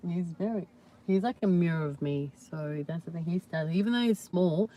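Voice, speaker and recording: Chatty woman with a low voice. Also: moderate pace, warm tone. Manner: chatty and reassuring, many fillers like "you know" and "yeah". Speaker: livestream host. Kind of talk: casual live chat with viewers.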